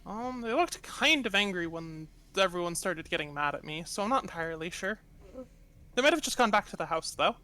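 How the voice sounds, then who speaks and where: A woman's voice: fairly low pitch, expressive, fairly quick, bright, forceful tone. A woman playing a naive, dreamy young noblewoman. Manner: dreamy, confused, politely naive. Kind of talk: tabletop role-play.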